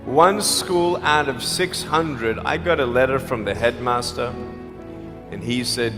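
A man's voice: mid-range voice, a little slow. A man giving a motivational speech to school students, emphatic and repetitive, speaking straight to the audience. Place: school hall. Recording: long hall reverb, faint music.

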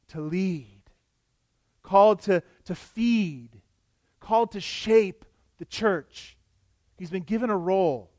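A man's voice: high-pitched, no room sound. A male pastor delivering an expository sermon, earnest and emphatic, often asking the congregation rhetorical questions.

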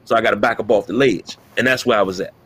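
A man's voice: lowish voice, fast talker, fairly bright tone. A man co-hosting a casual sports talk podcast, emphatic and profane as he rants about players. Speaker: podcast co-host.

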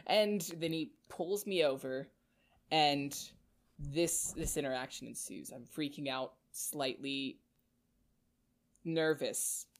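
A young woman with a somewhat low voice chats casually as a podcast co-host. She tells stories with a loose, rambling rhythm and stumbles over her words when she reaches the nervous parts. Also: takes it slowly. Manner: storytelling, stammers when retelling nervous moments. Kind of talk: casual chat.

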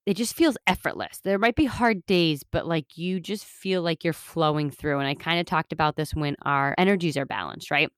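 A woman's voice: deep voice, normal speed, hardly any pauses, smooth, dry recording, clean studio sound. A woman hosting a self-help podcast, talking in an earnest, rambling, motivational way with lots of fillers. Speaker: podcast host.

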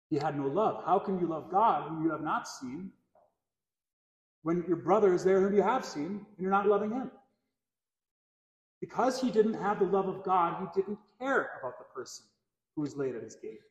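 A man's voice: high voice, animated, moderate pace, long pauses, highs cut off. A man preaching a sermon as pastor, earnest, repeating key phrases for emphasis, recorded in a church. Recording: echoey church hall, long reverb.

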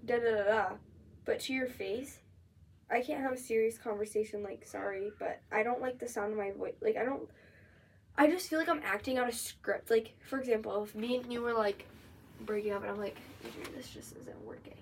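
A woman's voice: on the high side, fairly quick, husky. A young woman co-hosting a podcast in casual chat, blunt and swearing freely with lots of fillers. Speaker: podcast co-host. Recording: distant mic, faint background noise.

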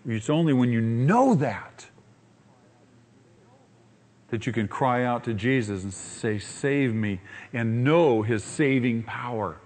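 A male pastor preaching a sermon, telling the story with animated voices for the characters and asking the congregation rhetorical questions. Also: medium pitch.

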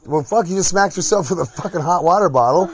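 A man with a high-pitched voice talks fast as he hosts a casual podcast chat at home, crude and joking, rambling from one topic to the next.

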